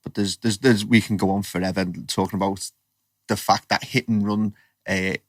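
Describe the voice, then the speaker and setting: A man's voice: lowish voice, flat delivery, moderate pace, dry recording, studio quality. A man hosting a podcast interview, chatty and rambling, often restarting his sentences. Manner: chatty, rambling, self-correcting. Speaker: podcast host. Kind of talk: casual interview chat.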